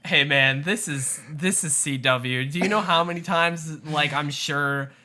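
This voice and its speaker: A woman co-hosting a casual TV recap chat, retelling scenes with lively quoted asides. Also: sits low, a little slow. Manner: chatty, animated retelling with quoted asides and laughs. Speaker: podcast co-host.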